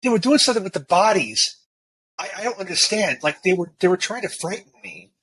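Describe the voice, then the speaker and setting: A man's voice: high-pitched, animated, brisk, a bit bright, slight background noise. A man voicing a frightened young woman on a work crew, stammering and rattled. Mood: shaken.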